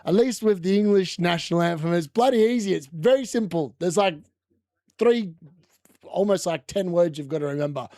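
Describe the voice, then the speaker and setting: Here the Australian watchalong host speaks at a normal pace in a high, warm voice with lively intonation, chatting casually about the football match. He's rambly and self-deprecating. The sound is clean studio audio without any room sound.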